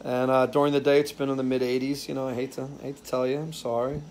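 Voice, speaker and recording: A man's voice: medium pitch, level tone, fast, a little mellow, a little hiss or hum. A man hosting a casual live stream from his porch, telling rambling stories and often losing his train of thought. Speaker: live-stream show host. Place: outdoors on a porch under a ceiling fan.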